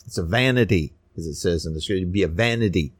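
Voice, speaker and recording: A man preaching a sermon in an animated, scornful way, building to near shouts. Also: deep voice, fast, no echo.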